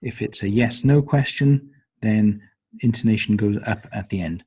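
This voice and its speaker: A man's voice: lowish voice, normal speed, a little mellow, husky. A man explaining the stages of a lesson plan to trainers, with frequent ums and uhs. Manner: hesitant, many ums and uhs. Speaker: teacher trainer. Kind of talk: instructional walkthrough of a lesson plan.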